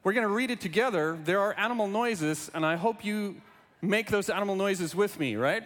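A male pastor preaching a sermon, playful and lively, reading a children's book aloud with animal noises. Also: sits high, normal speed. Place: church sanctuary. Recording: long reverb in a large hall.

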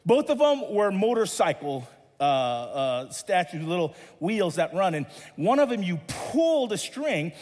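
A man from Southern California, a pastor telling a story in a sermon in an animated, playful way, laughing along with his own tale. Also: sits high, a little slow, in a large hall.

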